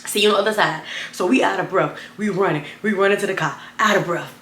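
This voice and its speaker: A young woman telling a wild personal story to camera, animated and chatty, talking straight to her viewers. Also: fast, reverberant, a little hiss or hum. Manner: animated, addresses viewers as y'all, bursts of high excited retelling. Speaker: storytime vlogger.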